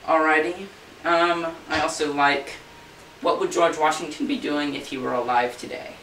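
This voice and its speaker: Gravelly, bright-voiced balloon man telling jokes. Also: on the high side, steady tone, normal speed. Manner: folksy, chatty, slips into funny voices for characters. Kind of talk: casual joke telling to camera. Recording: roomy echo, far from mic, faint hiss.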